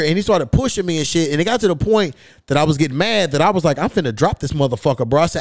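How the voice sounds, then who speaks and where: A man's voice: a little high, animated, very fast, dry recording, clean studio sound. A podcast host telling a long, profane story in casual chat, acting out the people he quotes. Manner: profane, acts out quoted voices.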